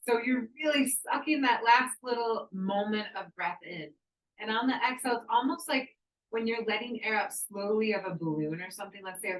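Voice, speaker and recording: A woman yoga instructor guiding a breathwork class with calm, encouraging cues and slow counting. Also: on the high side, reverberant, distant mic, low-quality recording. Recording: voice from off the mic.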